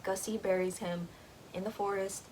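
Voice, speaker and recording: A young woman recaps a book in a casual, rambling way, filling her sentences with "like"s and small giggles. Her voice sits at a middle pitch for a woman. There is faint noise behind her. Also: level tone, normal speed, darkish tone, low-quality recording. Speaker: book vlogger.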